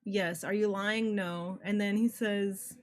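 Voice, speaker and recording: A woman streaming a game playthrough, reacting excitably, swearing and laughing as she talks. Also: medium pitch, slow pace. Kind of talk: casual playthrough commentary.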